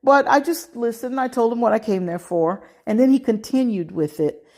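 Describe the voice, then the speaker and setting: A woman's voice: on the high side, moderate pace, darkish tone. Middle-aged American woman host, casual advice monologue, emphatic delivery with "okay" asides. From United States. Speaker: podcast host.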